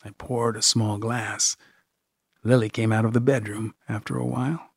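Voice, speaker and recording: A man narrating a first-person story in a measured, expressive audiobook style. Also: on the low side, creaky, breathy edge, dry recording, studio quality.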